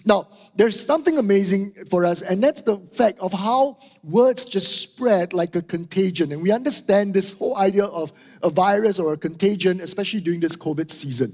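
A middle-aged man from Singapore delivers a sermon at a moderate pace with few pauses, his high voice carrying a darkish tone. As a pastor he is emphatic, repeating key phrases and tossing in frequent "right?" and "okay?", all in a reverberant hall.

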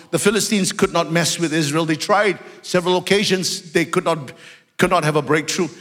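A man preaching a sermon as a pastor, telling a story with animated delivery that rises to shouts at its peaks. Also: fairly high pitch. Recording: live sermon in a reverberant hall.

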